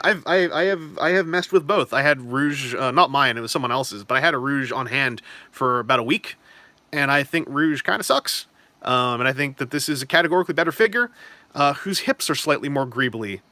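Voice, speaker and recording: A chatty young man hosts a live stream, answering questions in a loose, rambling way. His voice is bright and sits a little high. The sound is close and dry. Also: no echo. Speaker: stream host. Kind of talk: casual live-stream chat about toys and trading cards.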